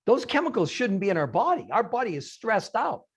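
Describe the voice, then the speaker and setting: A man with a high, breathy voice talks very animatedly and fairly quickly as a guest speaker on a video call. His emphatic group-call presentation is full of rhetorical questions he answers himself.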